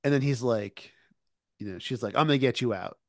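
A man's voice: medium pitch, brisk, dry recording, studio quality. A man co-hosting a podcast, casually retelling events with many fillers. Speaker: podcast co-host. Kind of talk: casual discussion.

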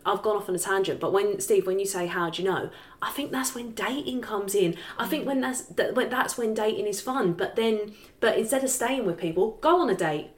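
Animated woman podcast host. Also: mid-range voice. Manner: animated, swears, laughs often. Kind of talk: casual chat.

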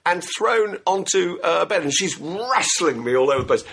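A man's voice: high-pitched, expressive, moderate pace, creaky, fairly bright tone, a little hiss or hum. A middle-aged man telling a funny story in a casual podcast chat, laughing as he goes. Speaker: magazine podcast regular.

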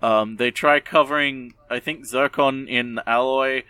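A man hosting a podcast, recapping an episode in a rambling, animated way with lots of fillers and swearing. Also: mid-range voice, unhurried, smooth, dry recording. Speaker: podcast host. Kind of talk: casual chat.

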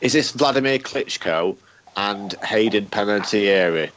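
A man co-hosting a podcast, jumping in with quick guesses and teasing in casual chat. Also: lowish voice, animated, fairly bright tone, lo-fi sound, a little hiss or hum. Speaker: podcast co-host.

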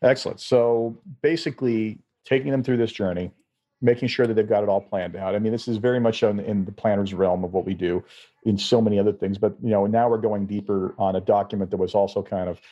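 A man's voice: fairly low pitch, fairly even intonation, fairly quick, warm tone. A man hosting an interview, casual and conversational as a financial planner. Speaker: podcast host, financial planner. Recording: dull lo-fi recording.

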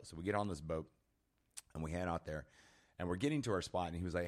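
A man's voice: low voice, fast, long pauses. A man on a podcast as the guest, telling a story animatedly with lots of fillers and laughter. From Texas. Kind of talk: casual storytelling.

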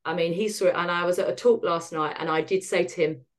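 Speaking quickly in a fairly low voice, a middle-aged woman shares her story as a podcast guest. Her tone is candid and wry, and she animatedly imitates the people she quotes.

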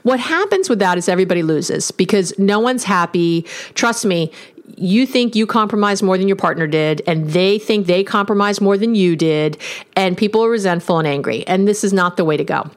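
A woman's voice: medium pitch, animated, moderate pace. A woman giving relationship advice on a podcast, talking emphatically and acting out sample phrases. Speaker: relationship coach. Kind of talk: solo podcast advice talk.

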